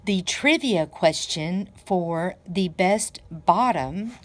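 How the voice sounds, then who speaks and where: A woman, a library director, reading a children's story aloud in a slow, deliberate storytelling manner. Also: lowish voice, animated.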